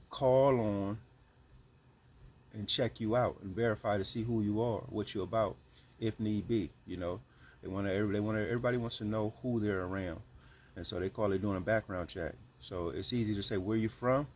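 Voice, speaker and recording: Lowish-voiced guy, casual advice talk to subscribers, slangy and earnest. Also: a little mellow, a little hiss or hum. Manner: earnest, slangy, repeats points. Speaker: channel host giving advice.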